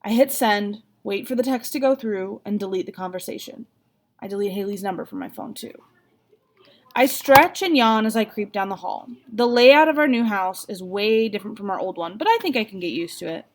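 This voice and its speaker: A woman reading a novel aloud, with an expressive, even delivery. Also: mid-range voice, a little fast. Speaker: reader.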